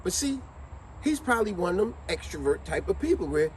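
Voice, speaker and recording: A man hosting a casual motivational talk, telling stories with animated flair and acting out quotes. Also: high voice, normal speed, slight background noise. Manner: animated storytelling, acts out quotes. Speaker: vlogger host.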